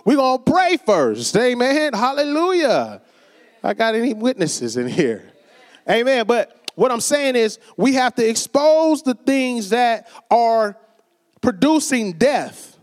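Male preacher, high voice, conversational sermon, acts out quoted voices, echoing church hall. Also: sing-song, takes it slowly. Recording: long reverb of a church hall.

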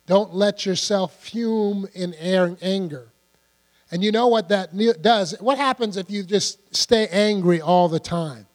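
Older guy preaching, high voice, chatty, keeps asking the room stuff, big hall echo and a hum. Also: measured pace. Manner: conversational, asks the congregation questions. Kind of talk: sermon. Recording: long hall reverb with mains hum.

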